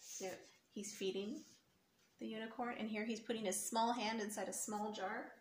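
Lady reading a kids picture book, explains words, points at pics, higher voice, echoey room w faint hiss. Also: steady tone, normal speed. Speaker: storyteller for children.

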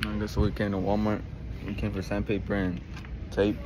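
Laid-back low-voiced man vlogging. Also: moderate pace. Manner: relaxed, slangy, restarts often. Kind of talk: casual vlog narration. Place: outdoors and in stores, on the move. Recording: phone video with loud background noise.

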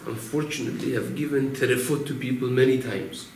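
A man voicing a dying, drunken male butcher who tearfully confesses in a low, hushed, pleading voice. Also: steady tone, brisk, creaky, roomy sound, recorded from a distance, slight background noise, close to an everyday voice. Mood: tearful confession.

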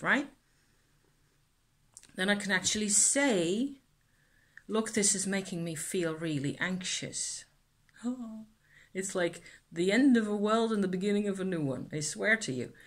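A woman's voice: fairly low pitch, fairly bright tone. A middle-aged woman vlogging reflectively about her feelings, hesitant and earnest, often trailing off and restarting. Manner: earnest, self-examining. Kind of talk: reflective personal vlog.

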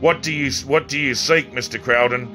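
A man voicing a calm, sinister male cult leader speaking over the phone, measured and coolly threatening. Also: mid-range voice, over music, close to an everyday voice. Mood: coolly menacing.

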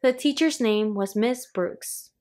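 A woman reading a children's storybook aloud, in a clear storytelling manner. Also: on the high side, slow, darkish tone. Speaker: storybook reader.

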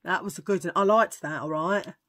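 A woman's voice: on the low side, a little fast, fairly bright tone. A tired woman vlogger chatting to camera in a rambling, self-mocking way. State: tired from poor sleep. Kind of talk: casual chat to camera.

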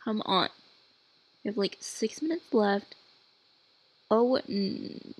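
Slow-talking chatty woman gamer. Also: medium pitch, lively intonation, breathy edge. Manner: chatty and rambling, heavy on "like" and "um"; sassy talk to her game character. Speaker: gaming YouTuber. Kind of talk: casual gameplay commentary.

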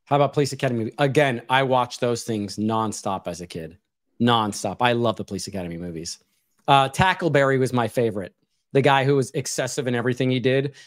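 A man's voice: mid-range voice, a little fast, no echo, clean studio sound. A man co-hosting a casual chat, telling rambling stories and laughing often. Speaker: co-host.

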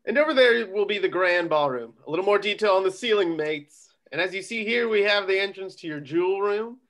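A man's voice: high-pitched, animated, fairly quick, fairly bright tone. A man with a London accent playing a young, overly polite chocolatier in a comedic table read. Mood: polite, formal. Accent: London English. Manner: polite, dryly formal.

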